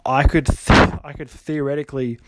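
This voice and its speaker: A man's voice: medium pitch, little pitch movement, normal speed, noisy background. Rambling young guy podcasting. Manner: rambling, lots of fillers, laughs often. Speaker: podcast host. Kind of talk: casual podcast monologue.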